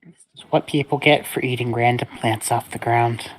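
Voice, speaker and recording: A tabletop game player who lays out their character's actions in a matter-of-fact way. The voice sits at an ordinary, middle pitch. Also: steady tone, moderate pace, low-quality recording. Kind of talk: casual tabletop game play.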